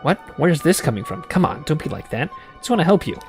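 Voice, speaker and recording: A man's voice: on the high side, very animated, fast talker, soft background music. Shy young woman guide, hesitant and stammering, read by a man streaming the game. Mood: earnest. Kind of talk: reading a visual novel aloud.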